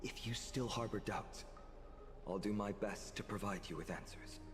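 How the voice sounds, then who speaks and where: A man's voice: fairly low pitch, fairly even intonation, normal speed, music in the background, close to an everyday voice. An actor playing an earnest young male noble warrior in a game, speaking in a formal, sincere way. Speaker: game character. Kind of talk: game voice acting. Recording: game audio with long reverb.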